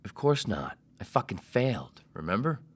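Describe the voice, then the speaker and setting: A fairly low-voiced man in his forties hosts a comedy podcast on his own. He talks in a brash, self-mocking way, curses freely and lets his pitch jump about with lively swings, from near-whispers to sudden shouts. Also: moderate pace, breathy edge. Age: 40s. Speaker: podcast host. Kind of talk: solo comedy podcast monologue.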